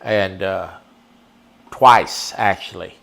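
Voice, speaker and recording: A man's voice: low voice, fairly even intonation, very slow, creaky, fairly bright tone. A man giving casual, folksy live-stream commentary while playing a baseball video game and chatting with viewers. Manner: folksy, chatty, talks to the chat.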